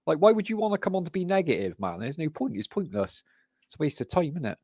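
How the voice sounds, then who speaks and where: Lively livestream host man, dry close mic. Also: on the high side, fast, breathy edge, dry recording. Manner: lively, reassuring, says "man" and "brother". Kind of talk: casual livestream chat.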